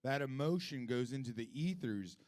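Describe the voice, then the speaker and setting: A middle-aged man doing a profane, rambling stand-up comedy set at a live venue, jumping between loud rants and low mutters. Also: expressive, moderate pace.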